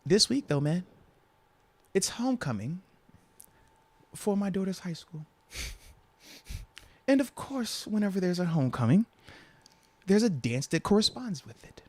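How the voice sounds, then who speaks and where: A man in his thirties hosting a casual sports podcast, an animated storyteller who swings between loud bursts and whispered asides. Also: sits high, unhurried, pauses often, dry recording. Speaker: podcast host.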